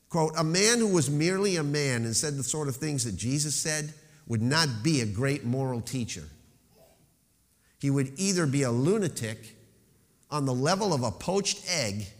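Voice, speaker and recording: A man's voice: fairly high pitch, lively intonation. Emphatic preaching man in a reverberant hall. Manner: emphatic preaching with slowed, stressed phrases and falling rhetorical questions. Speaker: pastor. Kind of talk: sermon.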